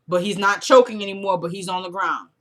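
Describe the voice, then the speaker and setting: Woman reviewer, chatty colloquial recap, lively retelling, average pitch. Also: fast. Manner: animated, colloquial storytelling that acts out the characters' lines. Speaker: TV episode reviewer. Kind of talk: casual episode recap.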